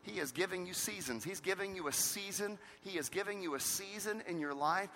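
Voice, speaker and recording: Male pastor, high bright tone, emphatic repetitive sermon delivery, long hall reverb. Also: fairly quick. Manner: emphatic preaching with repeated phrases.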